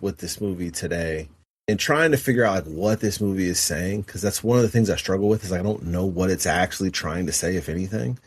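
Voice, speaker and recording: Deep husky man chatting about movies. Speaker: podcast co-host. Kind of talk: casual movie podcast chat.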